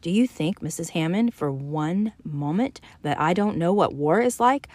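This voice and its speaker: A woman's voice: lowish voice, animated, moderate pace, a little mellow, dry recording. Woman reading a stern army captain, firm, earnest, dry close sound. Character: stern principled Union army captain, man. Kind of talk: reading fiction aloud.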